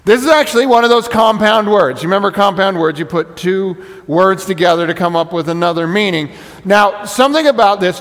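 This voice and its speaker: A man's voice: high voice, long reverb tail. A man preaching a conversational teaching sermon, explaining things step by step and stressing points by repeating words. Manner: explanatory, conversational, emphatic repetition. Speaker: pastor.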